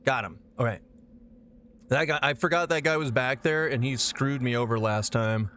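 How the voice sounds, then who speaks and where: A man's voice: medium pitch, moderate pace, a bit bright, a little hiss or hum. Profane, rambling male game streamer. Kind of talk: casual live gameplay chat.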